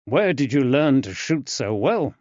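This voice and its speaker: A male narrator voicing a composed, reassuring male investigator who speaks calmly and measuredly in an audiobook. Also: mid-range voice, measured pace, no room sound, highs cut off, voice pushed up.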